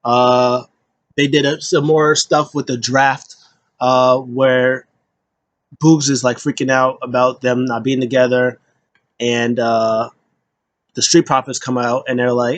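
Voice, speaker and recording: A man's voice: medium pitch, little pitch movement, slow. A man hosting a casual solo wrestling recap, rambling with lots of fillers and slipping into quoted voices. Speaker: wrestling show recap host.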